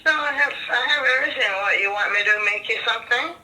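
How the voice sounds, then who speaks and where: A woman's voice: on the high side, fast, sharp tone, far from the mic. A middle-aged mother talking practically on a phone call, heard through a speakerphone. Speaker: mother of the vlogger.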